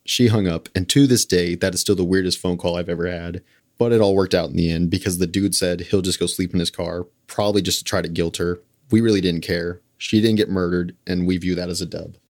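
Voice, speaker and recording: A man's voice: low-pitched, steady tone, a little fast, darkish tone, no echo, clean studio sound. A young man, a podcast guest, telling a story in a casual, wry, conversational way.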